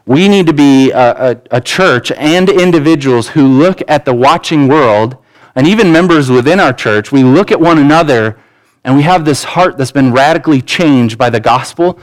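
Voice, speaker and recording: A man's voice: medium pitch, expressive, moderate pace, poor audio. A man in his thirties, a pastor preaching a conversational sermon that mixes scripture with family stories and acted-out dialogue. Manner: acts out quoted voices in dialogue. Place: church sanctuary.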